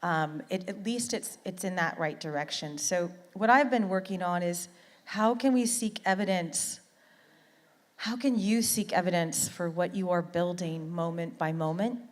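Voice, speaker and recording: A middle-aged Canadian woman gives a heartfelt motivational talk at a conference, her low-leaning voice unhurried and echoing in a big room. She speaks earnestly and often repeats words for emphasis.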